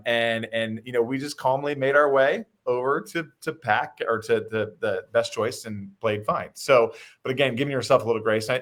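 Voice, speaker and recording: A man's voice: on the low side, a bit bright. A middle-aged man hosting a conversation, telling a friendly anecdote about his family with casual fillers. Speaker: mayor and host.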